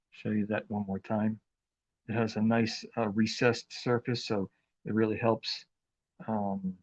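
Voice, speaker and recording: A man hosting a live craft demonstration, talking in an unhurried, chatty way with plenty of fillers as he works with his hands. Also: fairly low pitch, darkish tone, dull audio. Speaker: craft demo host.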